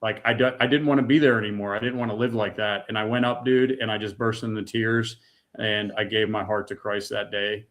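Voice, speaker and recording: Middle-aged male guest, lowish voice, earnest and emotional personal testimony, casual talk. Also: steady tone, a little fast, a bit bright. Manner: earnest, emotional storytelling with casual fillers like "dude" and "man". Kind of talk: personal testimony in a podcast interview.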